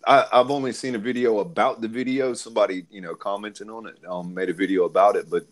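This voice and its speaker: A man's voice: fairly low pitch, steady tone, quick pace. Crude laid-back man in casual chat.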